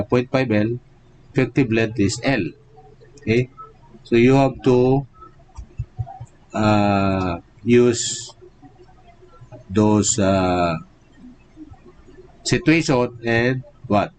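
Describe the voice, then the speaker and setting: A man's voice: mid-range voice, slight background noise, poor audio. A male engineering professor giving a live-streamed lecture, drilling each point and checking in with "okay?" and rhetorical "what?".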